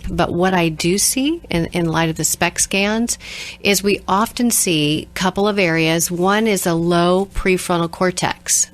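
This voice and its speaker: A woman co-hosting a call-in radio show, explaining things in a measured way. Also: lowish voice. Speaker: co-host, therapist.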